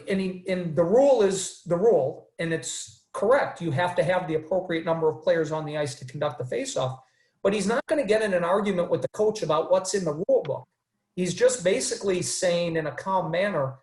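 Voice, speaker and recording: Guy hosting an online panel, kinda high voice, stops and restarts a lot, roomy echo. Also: expressive, normal speed, darkish tone. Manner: hesitant, many restarts, acts out quotes. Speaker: webinar moderator. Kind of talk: casual panel discussion. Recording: echoey room sound.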